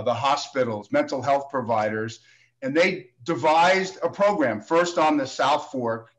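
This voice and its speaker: A man, a state assemblyman, explaining a program on a panel video call, hesitant and full of "uh" fillers. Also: mid-range voice. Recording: dull lo-fi call audio.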